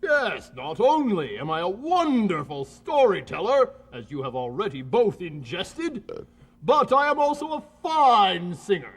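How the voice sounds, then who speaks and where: Man doing pompous high alien show-off. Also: very animated, a little slow, husky, exaggerated voice. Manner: pompous, flowery, self-important. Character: pompous boastful alien puppet, clumsy show-off.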